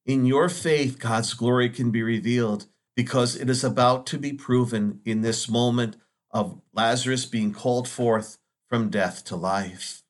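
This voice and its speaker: A male priest delivers a Sunday homily at a steady, unhurried pace. His voice sits in an ordinary middle register, earnest and measured, and he leans on pauses to let each point land. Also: medium pitch. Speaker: Catholic priest.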